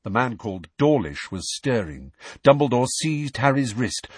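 Male audiobook narrator, husky, lively pitch, dry close mic. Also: normal speed, dry recording. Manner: steady, expressive reading.

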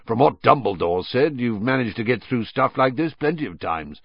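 A man voicing a gruff, scarred old male wizard with a growling voice, in a storybook reading. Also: mid-range voice, expressive, moderate pace, no echo, lo-fi sound.

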